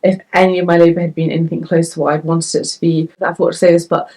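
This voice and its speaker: A woman's voice: lowish voice, flat delivery, quick pace, darkish tone, husky. A young woman vlogger telling her story to the camera in a candid, chatty way, full of fillers, from the United Kingdom. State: tearful.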